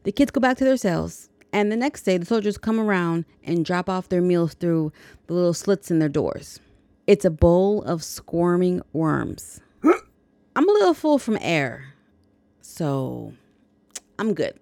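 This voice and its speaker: Creaky-voiced woman recapping a movie. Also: on the low side, measured pace, mellow, no room sound. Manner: chatty, jokey asides. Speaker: podcast host. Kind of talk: casual movie plot recap.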